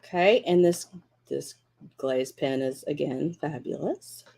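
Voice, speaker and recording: A middle-aged woman teaches a live crafting class, with a slightly low pitch for a woman. She chats warmly with her viewers and thinks aloud as she works. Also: slow, vocal fry, slightly rough. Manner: chatty, encouraging, thinks aloud while working.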